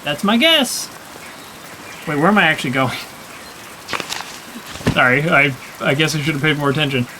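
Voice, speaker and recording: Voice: medium pitch, lively intonation, moderate pace, pauses often, background noise. A gamer giving let's play commentary, thinking aloud and often sounding confused while reading the game's text aloud. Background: game music.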